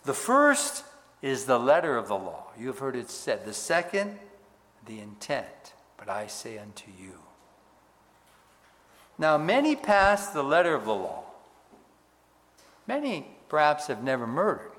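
A man preaching a sermon with emphatic rises and hushed drops. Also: medium pitch, wildly swooping pitch, a little slow, pauses often. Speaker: pastor. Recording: hall reverb.

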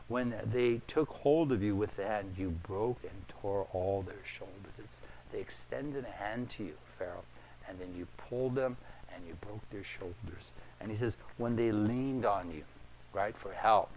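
A man's voice: on the low side, slight background noise. A man preaching at an evening service, walking through scripture in a conversational way, often checking in with "right?" and reading verses aloud with more force. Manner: reads scripture louder and emphatic. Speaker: pastor. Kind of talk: Bible teaching.

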